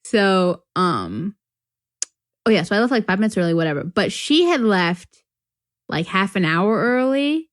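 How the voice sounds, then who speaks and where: Her medium-pitched voice has a sing-song lilt and runs a little slow, recorded at studio quality with no room sound. She's a young podcast co-host from North Carolina, USA, laughing frequently as she spins a rambling, filler-heavy story in relaxed conversation.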